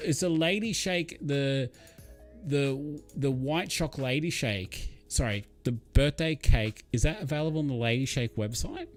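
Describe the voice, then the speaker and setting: Male streamer, mid-range voice, loose and rambling with plenty of fillers, faint music under. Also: mid-range voice. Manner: rambling and chatty, reading out viewer comments, with many fillers. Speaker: livestream host. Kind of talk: casual live-stream chat.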